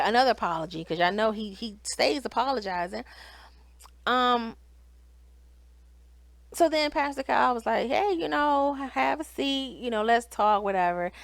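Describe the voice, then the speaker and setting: A woman's voice: fairly low pitch, no echo. A woman, chatting animatedly to her viewers as she recaps and reviews a reality TV episode. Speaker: TV show reviewer. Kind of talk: casual recap commentary.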